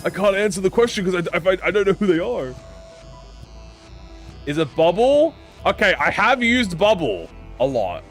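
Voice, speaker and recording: Man streaming games, lively voice, rambling and profane, lots of restarts, soft music underneath. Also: high voice, normal speed. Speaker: game streamer. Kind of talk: casual live-stream chat.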